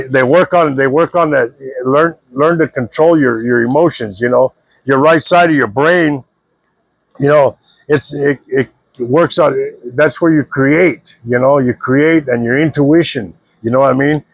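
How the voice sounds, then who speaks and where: A man's voice: mid-range voice, no room sound. A man talking straight to his viewers in a casual, preachy monologue. He repeats himself earnestly and keeps checking that they follow him. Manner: earnest, repetitive, keeps checking the listener understands. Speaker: vlogger giving advice.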